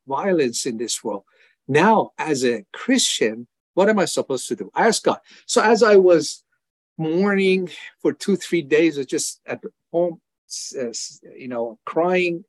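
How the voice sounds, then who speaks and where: A man's voice: fairly high pitch, no room sound. An older man from Iran, giving his personal testimony as an interview guest in an earnest, emphatic way. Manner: earnest, emphatic, acts out his prayers and replies in a raised voice. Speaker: ministry founder, interview guest.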